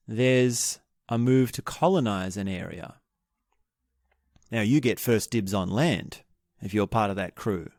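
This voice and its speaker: A man's voice: medium pitch, darkish tone, no room sound, clean studio sound. A man hosting a book podcast, retelling a historical story in a casual, thinking-aloud way with restarts and asides. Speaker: podcast host.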